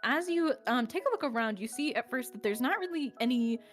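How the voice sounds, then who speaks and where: A woman's voice: fairly high pitch, animated, a little fast. Woman narrating as game master. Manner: descriptive, with frequent fillers and laughs. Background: faint background music.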